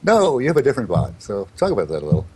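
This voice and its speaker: A man's voice: mid-range voice, wildly swooping pitch, very fast, a little mellow, a little hiss or hum. A man hosting a casual podcast, asking questions with dry jokes. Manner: wry, joking interviewer. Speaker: podcast host.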